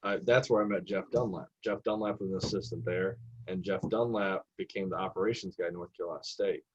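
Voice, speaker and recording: A young assistant basketball coach tells stories in a relaxed podcast interview, animatedly acting out the people he quotes. His voice is low and fast with a little hiss or hum, and the podcast audio is dull and lo-fi.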